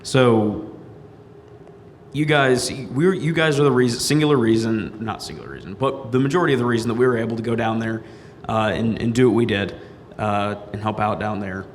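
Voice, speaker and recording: A man giving an earnest, halting testimony about a mission trip to his church. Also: medium pitch, steady tone. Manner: earnest, halting, restarts sentences. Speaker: youth mission trip member. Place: church sanctuary. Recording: long church reverb, faint noise.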